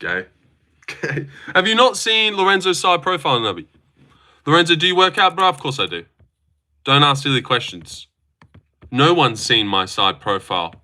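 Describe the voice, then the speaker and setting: A man's voice: on the high side, sing-song, normal speed, long pauses, pushed and bright. A young man with an Australian accent hosting a casual livestream, joking, swearing freely and reading chat aloud. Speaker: streamer host.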